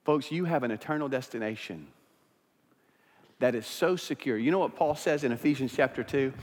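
A man preaching a sermon as pastor, swinging from quiet, intimate stretches to loud, fired-up passages. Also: mid-range voice, moderate pace, big-room sound.

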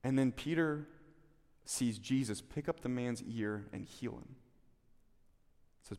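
A man preaching a sermon as pastor, telling the story with animated delivery and acting out the quotes. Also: mid-range voice, slow, pauses often, big-room sound.

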